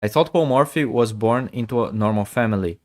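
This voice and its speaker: A man's voice: mid-range voice, a little fast. Man in his forties, casual chess streamer, rambles and repeats himself. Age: 40s. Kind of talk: casual live-stream chat.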